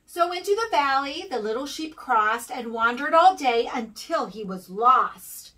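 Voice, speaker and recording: A kindergarten guest reader, an American woman, reads a rhyming picture book to young children in a sing-song storytelling style. Her voice is high and bright with lively intonation, her pace is slow, and the mic sits slightly distant.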